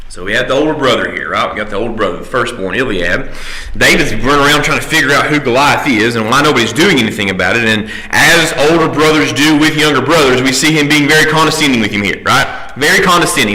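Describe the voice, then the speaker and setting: A man teaching an adult Sunday school class in a church classroom. He checks in with the class by asking "right?" and slows down when he reads scripture aloud. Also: medium pitch, sharp tone, poor audio. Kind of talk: conversational Bible class teaching.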